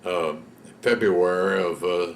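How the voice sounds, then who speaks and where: A man's voice: low voice, steady tone, takes it slowly, reverberant, slight background noise. A man, telling his own story in a plain-spoken, folksy way in an oral history interview. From Texas. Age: 70s. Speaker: veteran interviewee.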